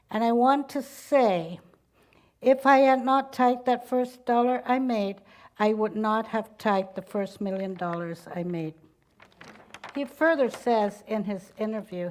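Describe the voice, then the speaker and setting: A woman's voice: mid-range voice, darkish tone. A woman giving a talk at a spiritual community, telling stories and laughing at her own jokes. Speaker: speaker at a spiritual center.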